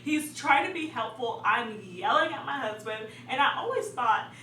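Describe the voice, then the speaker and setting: Animated young woman, bright echoey voice. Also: fairly high pitch, moderate pace. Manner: animated, laughing often, dramatic. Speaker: vlogger. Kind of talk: casual storytelling. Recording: echoey room, distant mic, faint hum.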